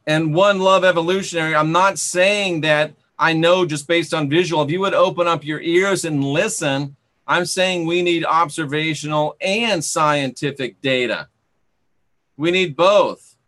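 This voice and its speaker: A man's voice: a little high, a little slow, fairly bright tone. A man hosting a live stream, reading viewer comments aloud and sarcastically scolding and banning rude commenters. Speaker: channel host.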